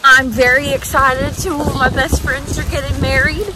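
A young woman giving casual interview answers, excited, quick and jokey. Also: high voice, very noisy.

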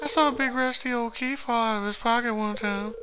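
A man voicing a curious young village boy with an odd accent, in a squeaky high put-on voice, over game music. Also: fairly even intonation, brisk, noisy background. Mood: eager, secretive. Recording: game music playing behind.

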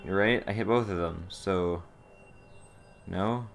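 A man's voice: low-pitched, slow pace, creaky, faint music behind. A young man giving casual gameplay commentary, exasperated and sarcastic, swearing at a puzzle he can't solve. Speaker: let's play commentator.

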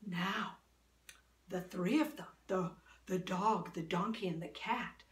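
A woman telling a fairy tale aloud, drawing her words out and dropping soft and low. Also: takes it slowly. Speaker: storyteller. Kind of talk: oral fairy-tale storytelling. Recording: roomy room, voice from a distance.

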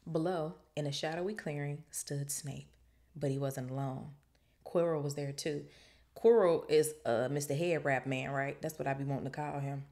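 A woman's voice: sits low, normal speed. A woman podcast host reading a novel aloud and breaking off for joking, slangy commentary. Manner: animated, joking asides in casual slang. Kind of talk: book reading with casual commentary.

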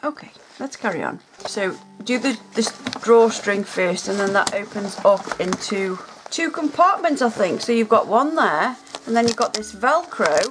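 A woman hosting a casual unboxing vlog from home, gushing and excitable, gasping and exclaiming as she talks. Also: mid-range voice, unhurried, background noise. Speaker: nail art channel host.

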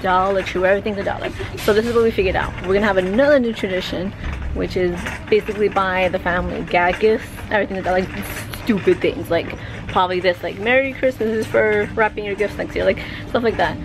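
A young adult woman chatting casually for a family vlog, animated and giggly, slipping Spanish words into her talk. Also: mid-range voice, quick pace. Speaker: vlogger. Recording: noisy handheld camera audio.

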